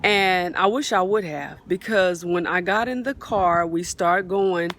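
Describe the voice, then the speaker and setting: A woman's voice: fairly low pitch, measured pace, a bit bright, slight background noise. Fervent woman telling a testimony. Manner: fervent, repetitive, often calls out to viewers. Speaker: faith vlogger sharing a testimony. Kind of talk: casual spoken testimony. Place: outdoors on a swing. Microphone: phone mic, sometimes partly covered.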